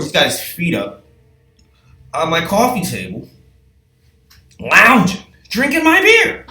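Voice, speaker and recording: Animated, profane male storyteller. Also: fairly high pitch. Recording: echoey room with faint music.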